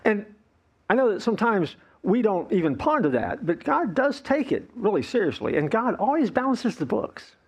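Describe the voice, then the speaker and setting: A male pastor preaching a playful, animated sermon, acting out the voices of complaining people. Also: high-pitched, normal speed, breathy edge.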